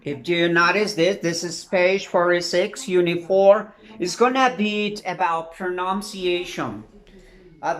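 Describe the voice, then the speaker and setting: A woman with a Colombian Spanish accent teaching an English lesson to students, halting and repeating words as she drills sounds. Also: lowish voice, a bit bright.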